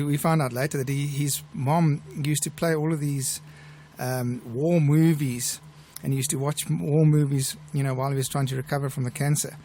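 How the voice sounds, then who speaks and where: A middle-aged man with a South African accent, a pilot who hosts a live show and tells stories in a chatty, relaxed way. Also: a little high. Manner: chatty, relaxed storyteller with restarts. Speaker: airline pilot and show host. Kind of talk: live show chat and anecdote telling.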